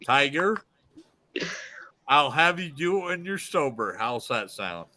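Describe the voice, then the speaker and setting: A Midwestern man with a bright, forceful voice that swings widely in pitch as he jokes around. He comes across as reassuring and playful in a casual chat with friends. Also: takes it slowly. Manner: lively, joking, reassuring. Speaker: guest.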